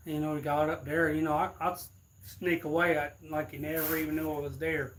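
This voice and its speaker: Guy rambling thru a story, kinda high voice, laughs a lot. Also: flat delivery, brisk, fairly bright tone, a little hiss or hum. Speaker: streamer. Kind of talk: casual storytelling.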